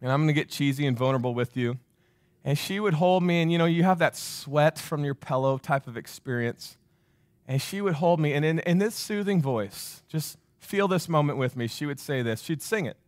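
Forty-something male preacher, higher voice, repeats lines and quizzes the congregation. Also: expressive, normal speed, no room sound. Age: 40s. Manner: emphatic, repeats phrases, asks the crowd questions. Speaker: pastor. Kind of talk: sermon.

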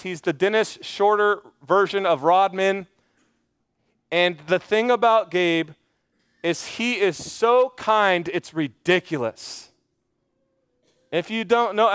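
A man preaching to his congregation from a church stage, earnest and conversational, tossing in quick asides and repeating his key phrases. His voice sits high for a man and comes through smooth and resonant. The sound is dry and close. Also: dry recording. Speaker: pastor. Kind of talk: sermon.

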